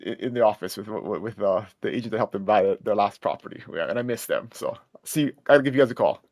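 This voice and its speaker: A man's voice: on the low side, fast, a little mellow, no echo, clean studio sound. A man co-hosting a real estate show, chatting casually in an upbeat and thoughtful way. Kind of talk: casual chat.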